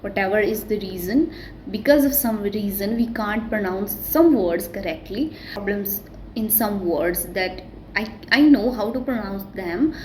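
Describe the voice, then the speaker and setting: A woman, not a native English speaker, giving a casual self-recorded pronunciation tutorial and talking quickly with many restarts. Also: medium pitch, expressive, a little mellow, slight background noise, rough recording. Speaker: vlogger teaching English pronunciation.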